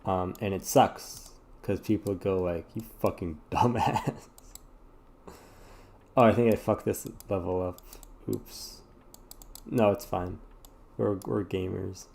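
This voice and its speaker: Sleepy gamer guy, gravelly and mellow, rambles and swears through casual chat. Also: low-pitched, fairly even intonation, a little slow. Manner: rambling and self-deprecating, swears often. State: yawning, sleepy. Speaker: gaming streamer. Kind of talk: casual chat while playing a puzzle game.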